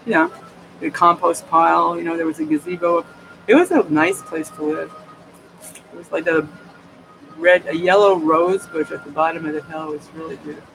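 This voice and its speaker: A man with a voice on the high side speaks at a moderate pace with fairly even intonation and some creak, over a noisy background. He's a vlogger from New York State, USA, rambling casually to his camera at home, digressing, restarting often and laughing a lot. Music plays behind him, and the audio comes from the camera's microphone.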